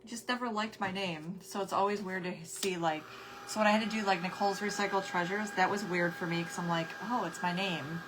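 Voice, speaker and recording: A woman's voice: mid-range voice, steady tone, fast talker, noisy background. Rambling, chatty middle-aged female host of a craft stream; greets viewers by name. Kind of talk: casual livestream chat with viewers.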